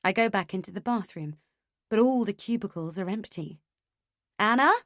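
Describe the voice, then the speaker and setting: A woman reading a first-person thriller audiobook in a tense, measured way. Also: mid-range voice, darkish tone, no room sound, studio quality. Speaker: audiobook narrator.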